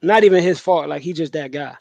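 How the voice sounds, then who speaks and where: A man co-hosting a sports podcast, giving his opinions in relaxed, slangy talk. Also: a little high, fairly quick, creaky, no room sound.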